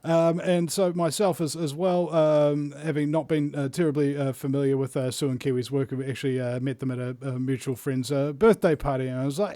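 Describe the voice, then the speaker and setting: A man's voice: mid-range voice, steady tone, brisk, hardly any pauses, mellow, no echo, studio quality. A man hosting a live-stream interview, rambling with many filler sounds. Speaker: host.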